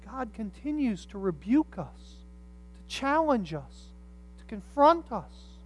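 A pastor preaching a sermon, telling stories with humorous asides and swinging from quiet reflection to loud emphasis. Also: mid-range voice, slow pace. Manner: animated storytelling with humorous asides.

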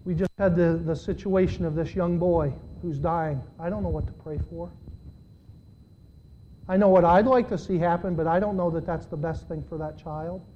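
A male pastor preaching a sermon. He speaks conversationally, questions the congregation directly, and swings between quiet and loud. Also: fairly high pitch, fairly even intonation, moderate pace, highs cut off, a little hiss or hum. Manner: dramatic, with big swings in loudness.

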